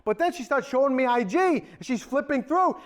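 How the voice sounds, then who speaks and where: A man's voice: extremely high pitch, fairly quick. A man performing a campy comic storytelling monologue on a theatre stage. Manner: campy, animated.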